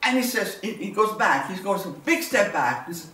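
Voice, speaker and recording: A woman's voice: medium pitch, expressive, moderate pace, a bit bright. A woman, giving a personal testimony as a war survivor and telling it vividly with repeated words. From Belgium. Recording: roomy, distant mic, faint ambience.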